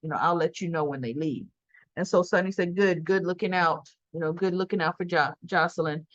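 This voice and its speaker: A woman's voice: fairly low pitch, brisk, no room sound, lo-fi sound. A woman recapping a soap opera episode in a casual, chatty way, acting out the characters' lines as she goes. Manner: chatty, acts out dialogue in quoted lines. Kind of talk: casual recap retelling scenes.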